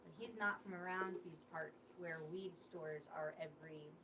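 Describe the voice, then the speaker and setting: A woman's voice: fairly low pitch, normal speed, background noise. A woman co-hosting a casual livestream, telling a funny story with laughter. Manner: laughing, lively anecdote teller. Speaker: co-host.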